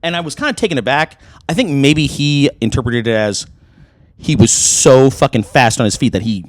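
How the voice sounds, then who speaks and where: A man's voice: mid-range voice, animated, normal speed, no room sound. Profane storytelling man, dry sound. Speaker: podcast co-host. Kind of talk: casual chat over drinks.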